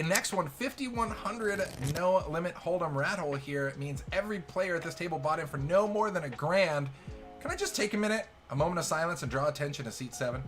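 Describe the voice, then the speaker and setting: A man calls poker hands live as the show's host, joking and excitable. His voice sits fairly high and swings from loud cheering to quiet, muttered asides. Music plays clearly behind him. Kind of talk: live poker hand commentary.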